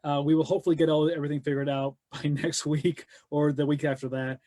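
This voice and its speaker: A man's voice: fairly high pitch, flat delivery, quick pace, mellow. A man hosting a casual webcast, rambling and repeating himself as he thanks the audience. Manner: rambling, repeats words when wrapping up. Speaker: host. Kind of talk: casual chat.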